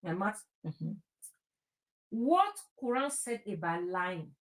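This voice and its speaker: A woman's voice: fairly low pitch, very animated. A Nigerian woman with a stammer, hosting an online show and mixing Nigerian Pidgin into a casual monologue. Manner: stammering, mixes Nigerian Pidgin and Yoruba, often rushes. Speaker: host.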